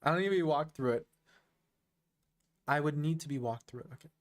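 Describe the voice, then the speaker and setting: A man streaming online chess, chatting casually and thinking aloud, quick to make fun of his own play. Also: on the high side. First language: English. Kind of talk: casual live-stream commentary.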